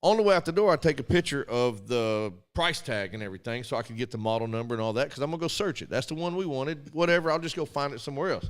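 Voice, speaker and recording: A man's voice: medium pitch, expressive, fast talker, hardly any pauses, clean tone. A man co-hosting a casual radio talk show, animatedly telling a story and acting out both sides of phone calls. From Arkansas.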